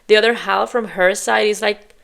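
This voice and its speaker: A woman reacting to a show in casual, exasperated commentary, talking straight at the screen. Her voice sits mid-range with a gravelly fry, and at times she drops to a whisper. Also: medium pitch, fairly even intonation, normal speed, a bit bright. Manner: exasperated, talks back at the screen. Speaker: reaction video host.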